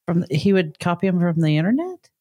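Older woman, lively teasing co-host. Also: lowish voice, fairly quick, breathy edge. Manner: teasing, blunt. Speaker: podcast co-host. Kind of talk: casual podcast chat.

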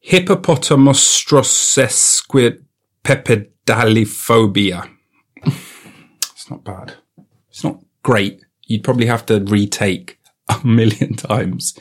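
A man's voice: lowish voice, slow pace, long pauses. A man hosting a comedy podcast into a studio mic, riffing playfully and repeating bits in silly voices. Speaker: podcast host. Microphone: studio microphone.

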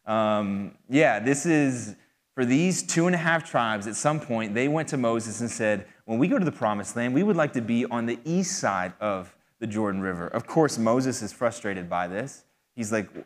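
A pastor with a mid-range, animated voice preaches loosely and conversationally at a moderate pace, using frequent fillers and asides. The church hall gives the recording a long reverb.

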